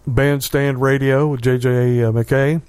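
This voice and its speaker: A man hosting a casual local radio show from a small studio, talking in a halting way full of fillers. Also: medium pitch, fairly even intonation, a little mellow, clean tone, no room sound. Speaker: radio host.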